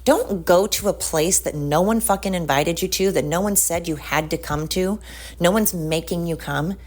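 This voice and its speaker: A woman's voice: fairly low pitch, moderate pace. A woman hosting a podcast, talking in a heated, blunt rant and swearing often. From United States. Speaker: podcast host. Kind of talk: casual ranting monologue.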